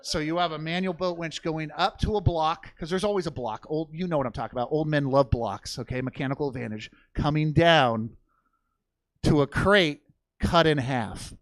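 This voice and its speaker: A man's voice: on the high side, moderate pace, no room sound. A young man telling a crude family story in a stand-up comedy set, swearing freely and acting out the people in it. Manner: profane storytelling with voiced impressions. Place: comedy theater stage.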